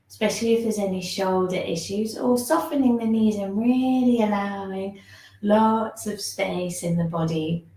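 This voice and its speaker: A woman teaching a gentle online movement class, giving soft, soothing instructions and yawning now and then. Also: medium pitch. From England. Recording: echoey room.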